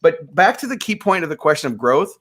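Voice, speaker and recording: A man in his late fifties speaks as a guest, earnest and motivational. He sits a touch higher than most men and often repeats his opening words before a thought lands. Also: big pitch swings, fairly quick, a bit bright. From USA, Minneapolis. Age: 50s. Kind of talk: conversational storytelling.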